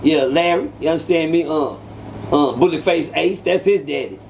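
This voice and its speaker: A man telling old street stories as an interview guest, animated and acting out quoted voices. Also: normal speed, vocal fry, slight background noise. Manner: animated, acts out quoted voices with sudden pitch jumps. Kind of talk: casual storytelling.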